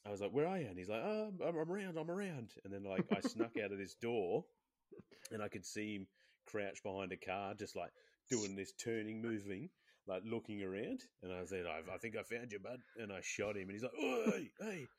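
Low-voiced guy telling game stories. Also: brisk. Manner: animated storyteller, acts out quotes in high voices. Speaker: podcast co-host. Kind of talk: casual gaming chat.

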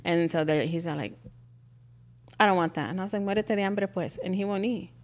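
A woman co-hosting a casual podcast chat, animated, slipping Spanish phrases into quoted talk. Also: on the low side, a little fast. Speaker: podcast co-host.

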